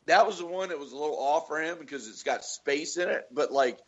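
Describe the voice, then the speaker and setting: A man's voice: a little high, lively intonation, fairly quick, muffled recording. Swearing man telling movie stories. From Florida. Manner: swearing storyteller, acts out quotes loudly. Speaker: podcast co-host. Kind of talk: casual chat.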